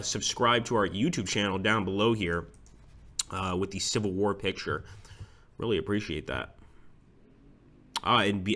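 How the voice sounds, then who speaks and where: A man streaming a strategy game, commenting casually on each move and reading viewers' chat aloud. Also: lowish voice. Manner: chatty, reacts excitedly to the game and reads chat aloud. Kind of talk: live gameplay commentary.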